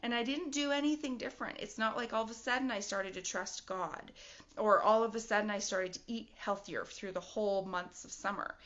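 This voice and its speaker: A middle-aged woman talks straight to camera about her own life, candid and rambling, often breaking into short laughs. Her voice sits at an ordinary middle pitch. The audio is a little dull and lo-fi. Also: a bit bright. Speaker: vlogger. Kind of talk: personal video talk.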